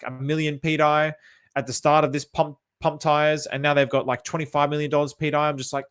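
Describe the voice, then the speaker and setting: A man's voice: on the high side, level tone, fairly quick, fairly bright tone, smooth. Rambling Australian man reading chat comments. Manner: rambling, thinking aloud with many fillers and restarts. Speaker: crypto chart commentator. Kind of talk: casual livestream chat reading viewer comments.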